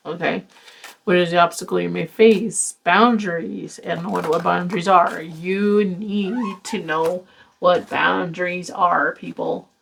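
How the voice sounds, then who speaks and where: A woman's voice: fairly low pitch, creaky, a little hiss or hum, poor audio. A woman giving a casual tarot reading to camera, blunt and exasperated, swearing and lecturing her viewers. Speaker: tarot reader.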